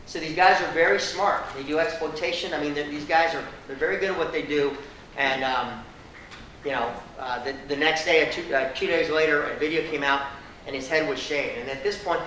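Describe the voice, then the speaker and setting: A man giving an animated, conversational lecture, quizzing the audience and adding blunt, sarcastic asides. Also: a little high. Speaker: guest speaker. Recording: echoey room, distant mic, faint noise.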